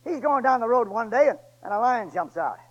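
High-voiced preacher, booming then hushed. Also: male voice, expressive, brisk, lo-fi sound. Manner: dramatic, swings between booming and hushed; folksy, colloquial storytelling. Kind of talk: sermon.

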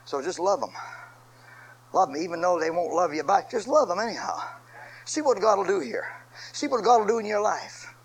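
Fiery high-voiced preacher. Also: male voice, expressive, normal speed, pauses often, slight background noise, rough recording. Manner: fiery, swings from soft to shouting, repeats phrases. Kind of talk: sermon.

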